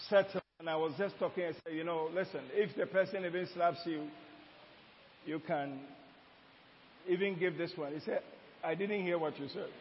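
A man's voice: high voice, slight background noise. A man preaching a sermon as pastor, mixing teaching with asides to the congregation. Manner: preaching with call-and-response asides and laughter. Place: church hall. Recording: dull sound with long hall reverb.

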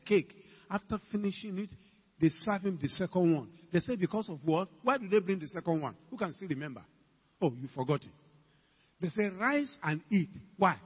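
Ghanaian male preacher, emphatic sermon that climbs to shouts, raised pitch, dull reverberant hall recording. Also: breathy edge. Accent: Ghanaian English. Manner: emphatic, calls out to the congregation, rising to shouts. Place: church hall.

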